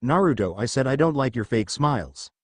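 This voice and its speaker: A man voicing a calm, caring adult ninja teacher in a fan fiction reading, gently teasing his student. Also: mid-range voice, fairly quick, dry recording, close to an everyday voice. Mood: tender.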